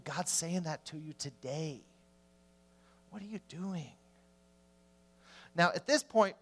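A man preaching a sermon as a pastor, telling the story with animation and swinging from loud to hushed. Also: high voice.

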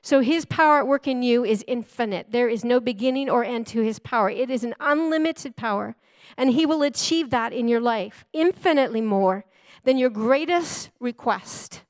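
A woman's voice: a little high, moderate pace, no room sound. A middle-aged woman preaching a sermon in an earnest, emphatic way, repeating key phrases for stress.

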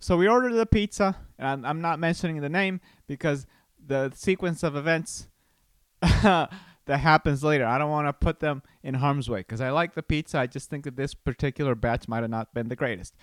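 A man with a slightly high voice speaks at a normal speed with no echo, hosting his own podcast from his Texas home. He tells a rambling personal story in a chatty, casual way, full of restarts and fillers.

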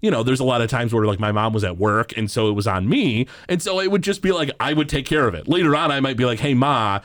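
A man's voice: medium pitch, fast, no room sound. A man co-hosting a podcast in casual chat, telling stories animatedly and acting out the people he quotes. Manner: animated storyteller who acts out quoted characters. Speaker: podcast co-host.

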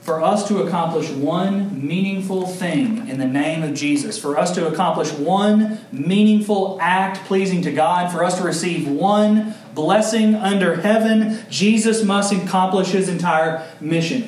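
A young adult man preaching a sermon as pastor, earnest and emphatic, telling stories with lively acted quotes. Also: unhurried, few pauses. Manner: animated storytelling with acted quotes, big pitch jumps. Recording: echoey room with faint ambient noise.

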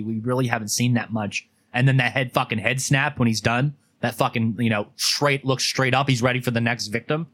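Male horror podcast host, bright tone, casual cursing banter. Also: medium pitch. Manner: profane, laughing banter.

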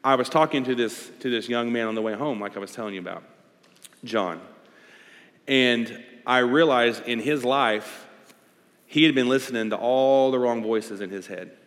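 A man's voice: medium pitch, moderate pace, fairly bright tone. A male pastor delivering a conversational sermon, pressing his points with repeated rhetorical questions. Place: large church hall. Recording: long church-hall reverb.

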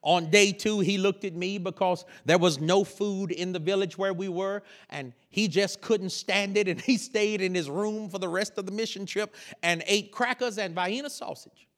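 A man preaching a lively sermon, telling a story with laughter and sudden shouted bursts. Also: high-pitched, normal speed. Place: church sanctuary.

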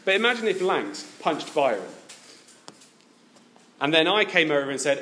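A man's voice: on the high side, very animated, normal speed, long pauses, sharp tone. A man preaching a sermon, asking his listeners many direct questions.

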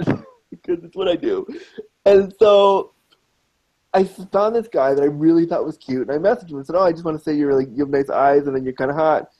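A man's voice: a little high, warm tone, dull audio. A man in casual conversation, talking frankly and emphatically, repeating words to drive his points home. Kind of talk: casual chat.

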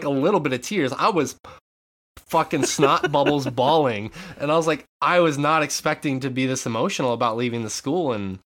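A young man chatting casually on a podcast, telling stories in a lively way with frequent swearing and laughter. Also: mid-range voice. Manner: animated storyteller, swearing, laughing often. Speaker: podcast co-host. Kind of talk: casual chat.

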